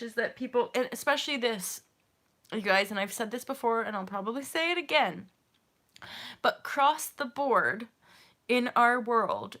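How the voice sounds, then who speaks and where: A woman in her thirties speaks to her audience as a yoga and meditation teacher, her voice bright and a little high. She talks in an open, emotional, casual way, laughing often and dropping swear words freely. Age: 30s. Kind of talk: emotional casual talk to camera.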